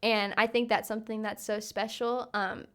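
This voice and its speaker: A woman's voice: medium pitch, flat delivery, moderate pace, fairly bright tone, clear, resonant tone. Young woman podcast cohost, casual chatty talk, lots of likes and ums. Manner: chatty, many fillers, laughs often. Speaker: podcast co-host. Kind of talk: casual chat.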